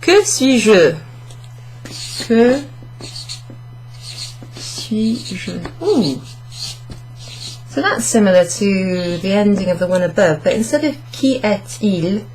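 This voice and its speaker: A woman of medium pitch talks unhurriedly, with lively intonation and a slightly mellow quality, over slight background noise. She is teaching French online to the camera from indoors under a hot studio light, explaining each step and correcting herself aloud.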